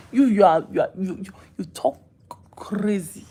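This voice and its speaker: A woman chatting on a livestream with her viewers, animated and playful, laughing often and putting on mock outrage. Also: medium pitch, unhurried, slightly rough. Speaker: livestream host. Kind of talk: casual livestream chat with viewers.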